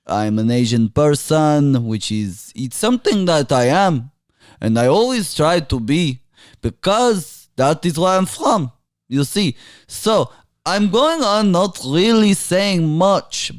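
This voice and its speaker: A man doing a put-on Israeli accent, voicing a grandiose man who makes slow, lofty, half-sung proclamations. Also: high voice, dry recording, studio quality, voice pushed up, heavily acted.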